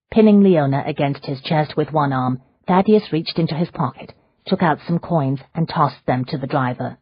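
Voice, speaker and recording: A woman reads a novel aloud in a measured, dramatic storytelling manner, her voice low and husky. The sound is close and dry, with a slightly dull, muffled tone. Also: steady tone, dry recording. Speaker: audiobook narrator. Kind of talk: scripted narration.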